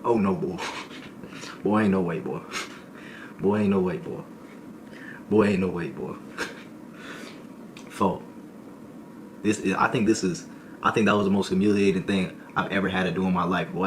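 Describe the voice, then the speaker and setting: A young man streaming a comic storytime, animated and full of slang, laughing and repeating lines for effect. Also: sits low, normal speed, long pauses, background noise. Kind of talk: comedic storytime.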